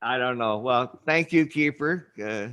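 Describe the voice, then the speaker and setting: A man hosting a casual livestream chat, rambling and halting with many fillers. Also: medium pitch, fairly bright tone, clear, resonant tone. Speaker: show host.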